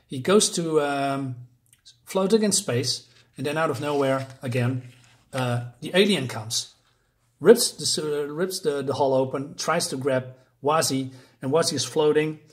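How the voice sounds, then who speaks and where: A man casually recapping a comic book story with many restarts and fillers. He gets excited and laughs at the gory moments. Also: a little high, measured pace.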